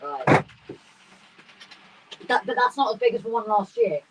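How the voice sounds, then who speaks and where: A woman co-hosting a casual livestream from a garden shed, talking excitedly and laughing often. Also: a little high, unhurried. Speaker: livestream co-host. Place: garden shed with model railway. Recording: slightly distant mic with faint room noise.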